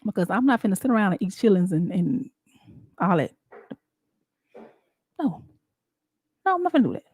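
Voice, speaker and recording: A woman hosting a show, talking in a casual, animated and emphatic way with frequent laughs. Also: medium pitch, normal speed, slightly rough, no echo. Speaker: show host. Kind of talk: casual talk-show monologue.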